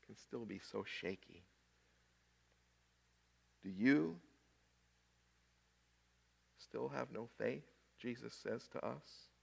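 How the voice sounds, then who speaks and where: A man preaching a sermon, swinging between loud emphasis and hushed, quiet lines with long deliberate pauses. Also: mid-range voice. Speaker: pastor.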